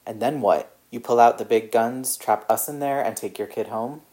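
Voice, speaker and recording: A man voicing a stern, wary grown man with a rasping voice. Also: medium pitch, moderate pace, darkish tone, close to an everyday voice.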